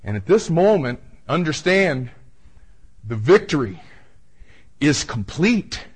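Pastor guy preaching verse by verse, slightly high voice, chatty with lots of restarts, gets loud on the bible quotes. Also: very animated, slow, breathy edge, poor audio. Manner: conversational preaching with repeated restarts, booming when quoting scripture. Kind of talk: verse-by-verse sermon.

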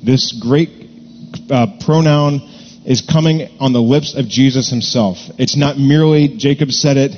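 A man preaching a sermon, earnest and deliberate, repeating key words to stress them. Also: medium pitch, a little mellow, long reverb tail, highs cut off. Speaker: pastor.

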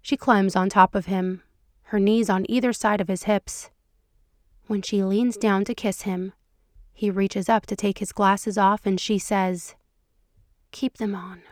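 A woman podcast host reading fan fiction aloud in a soft, intimate storytelling voice. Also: mid-range voice, fairly even intonation, measured pace, dry recording, studio quality. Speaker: podcast narrator.

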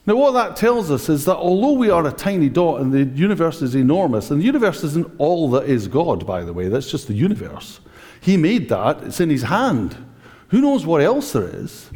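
A man's voice: a little high, big pitch swings, moderate pace, darkish tone. A man preaching a sermon, talking directly to his congregation in a conversational way and using a prop. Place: church. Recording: echoey church hall.

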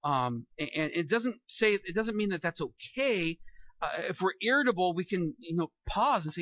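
A man preaching a sermon in a church, animated and jokey, acting out little asides. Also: high-pitched, moderate pace, no room sound, muffled recording. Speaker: pastor.

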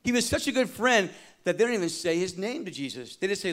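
A man preaching a sermon as pastor, swinging from loud emphasis to hushed tones and calling on the congregation to respond. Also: sits high, expressive, fast.

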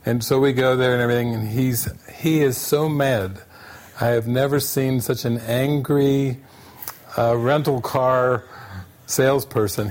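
A man shares a comic travel story with a spiritual retreat audience. His voice sits at an ordinary middle pitch, and he tells it with lively repetition, often laughing. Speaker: retreat speaker. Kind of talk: storytelling anecdote at an online retreat.

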